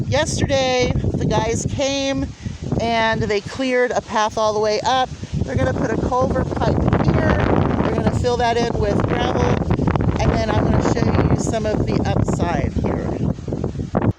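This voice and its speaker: Chatty woman touring her farm outdoors. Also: heavy background noise. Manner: chatty, rises to high sing-song baby talk with animals. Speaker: homestead vlogger. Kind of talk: casual walking farm vlog.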